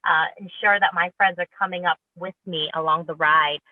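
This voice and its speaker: A woman's voice: on the low side, fairly even intonation, moderate pace, slight background noise. Upbeat woman guest over a tinny phone line. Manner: upbeat, eager, many restarts. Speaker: real estate agent guest. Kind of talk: casual interview chat.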